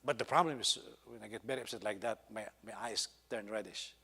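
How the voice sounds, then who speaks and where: A man's voice: lowish voice, fast, vocal fry, pushed and bright, slightly rough, in a large hall. A man with a Filipino accent, a pastor telling a personal story in a sermon and rising into emphatic exhortation. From Philippines.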